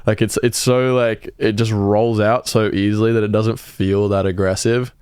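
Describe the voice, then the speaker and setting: A man's voice: fairly low pitch, level tone, moderate pace, darkish tone, smooth, no echo, studio quality. A young Australian man with an Australian accent, chatting casually and swearing freely as he explains slang. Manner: laid-back, swears casually, laughs often. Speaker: podcast guest explaining slang. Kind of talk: casual chat.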